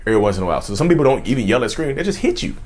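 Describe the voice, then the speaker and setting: A man's voice: mid-range voice, sing-song, very fast, darkish tone. A man giving casual talk-to-camera commentary on mental health, speaking straight to his viewers and often repeating and restarting his phrases.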